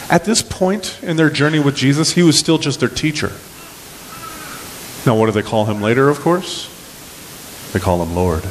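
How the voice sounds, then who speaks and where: A man preaching a sermon as pastor, animated and lively, acting out the scripture scenes as he goes. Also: medium pitch, normal speed, long pauses, a little hiss or hum, rough recording.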